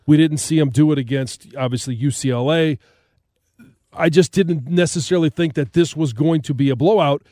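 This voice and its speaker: Male radio co-host, mellow, slightly high, measured and careful. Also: dry recording, clean studio sound. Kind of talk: sports talk radio discussion.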